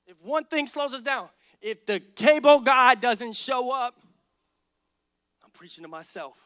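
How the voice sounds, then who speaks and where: A man's voice: very high-pitched, unhurried, clean tone, no echo. A man in his thirties preaching a sermon as pastor, telling stories and acting out both sides of conversations. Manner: animated storytelling, acts out dialogue.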